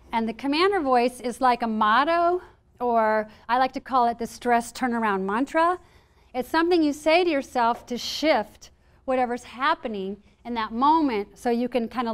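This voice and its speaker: A woman with a slightly high voice speaks to a live room of listeners about stress resilience. Her delivery is lively and playful, and she slips into little acted inner voices to make her points. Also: clear, resonant tone. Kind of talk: live presentation to an audience.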